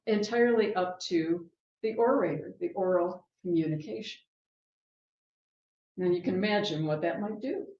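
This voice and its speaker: A woman minister giving a sermon in a chatty, lively way, laughing often and checking in with her listeners. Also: medium pitch. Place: church sanctuary. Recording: dull, roomy sanctuary sound.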